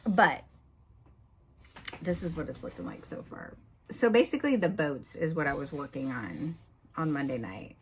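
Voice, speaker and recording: A woman's voice: low voice, sing-song, moderate pace, pauses often, a little hiss or hum. A middle-aged woman chatting candidly in a casual vlog, often using "you know" and "y'all". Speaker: book vlogger.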